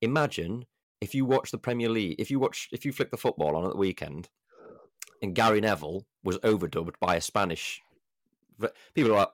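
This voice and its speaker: A British man with a very low, deep voice, talking in a blunt, rambling podcast chat style. He swears freely and slips into mock voices of other people. The sound is dry and close, with no room around it. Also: lively intonation, fast talker, no room sound. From United Kingdom.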